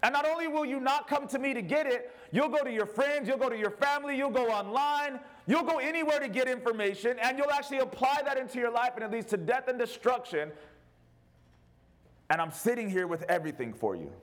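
A man's voice: very high voice, animated, fairly quick, fairly bright tone, pitched above the performer's own voice, poor audio. A man preaching, voicing God as an urgent, insistent host who calls people to come. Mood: pleading, indignant. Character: God as a pleading, angry host.

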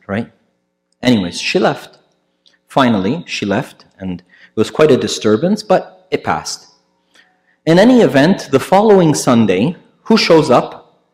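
A priest delivers a story-driven sermon in a conversational manner, often pausing with fillers and starting over. He mimics those he quotes by going louder and higher.

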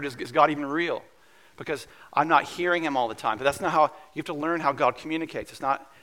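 Guy pastor preaching, chatty and earnest, voice a bit on the high side. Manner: conversational and earnest, with soft hushed asides. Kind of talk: sermon.

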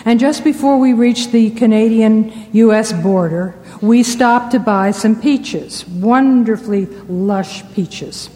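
Warm-voiced woman preaching in a hall. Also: on the high side, slow pace, hardly any pauses. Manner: warm, anecdotal storytelling. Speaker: Christian speaker. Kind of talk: storytelling sermon talk. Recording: long hall reverb.

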